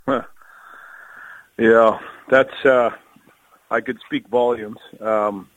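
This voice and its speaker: Earnest, bright-voiced man on a call. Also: medium pitch, steady tone, drawn-out words, dull audio. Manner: earnest, emotional, repeats words while searching. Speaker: kidney donor, firefighter. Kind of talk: phone interview. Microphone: phone call.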